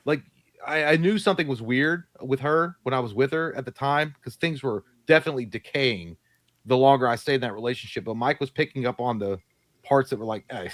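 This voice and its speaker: A man's voice: mid-range voice, fairly quick, dry recording. A man co-hosting a live show, telling profane stories in casual chat and acting out quoted lines. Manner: profane, animated storytelling with voiced quotes. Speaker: podcast co-host.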